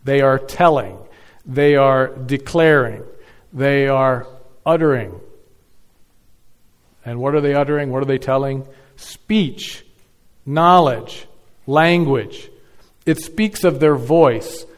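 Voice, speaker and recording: A pastor giving a Sunday morning sermon, stressing key words with repetition and swinging between loud and soft delivery. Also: male voice, medium pitch, takes it slowly, pauses often, in a large hall. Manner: emphatic, repeats key words, varies loudness widely.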